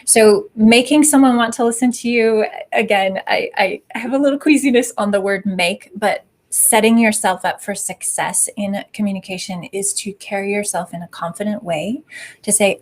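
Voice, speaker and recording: A woman communication coach explains her answer to an online audience. She talks in a thoughtful, explanatory way at an ordinary middle pitch, rewording herself as she goes. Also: moderate pace. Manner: thoughtful, explanatory, with some self-corrections.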